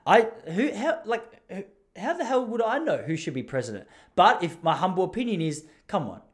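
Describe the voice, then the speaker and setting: A man's voice: high voice, big pitch swings, fairly quick. An Australian man in his thirties rambling and joking through a casual monologue, laughing often. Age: 30s.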